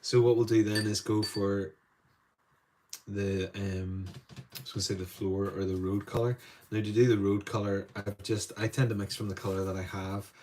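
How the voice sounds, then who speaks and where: A man's voice: lowish voice, level tone, moderate pace, dark tone, slight background noise. An Irish man teaching watercolour live, chatting to viewers with rambling asides while he paints in a studio. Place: indoor art studio.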